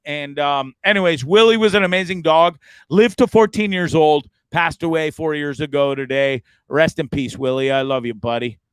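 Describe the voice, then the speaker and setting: A man's voice: on the high side, a bit bright, clean tone, dry recording. A man hosting a casual live stream from a bedroom in the back of a bus, rambling and joking, then turning sentimental. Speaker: host.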